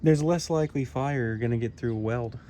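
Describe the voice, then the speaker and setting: A man's voice: medium pitch, brisk, warm tone, a little hiss or hum. A man showing his car project in a garage, rambling and joking as he talks to viewers. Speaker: car builder vlogger. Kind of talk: casual garage walkthrough.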